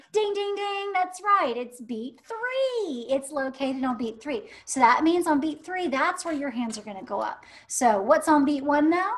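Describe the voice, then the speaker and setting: High pitched lady music teacher talking slow to little kids, encouraging, chanting ta ta rhythms. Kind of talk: children's music lesson.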